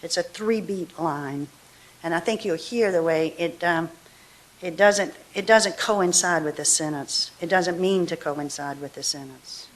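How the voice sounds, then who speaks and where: A woman poet at a live reading, talking casually between poems with fillers and restarts, then reading her verse slowly and deliberately. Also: lowish voice. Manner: chatty asides, slow deliberate verse reading. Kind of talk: poetry reading with commentary. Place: university reading hall.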